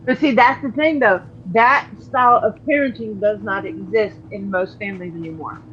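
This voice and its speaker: A woman's voice: mid-range voice, moderate pace, a bit bright. A woman calling in to a casual chat, speaking frankly and plainly. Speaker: guest caller. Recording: dull lo-fi call audio with faint noise.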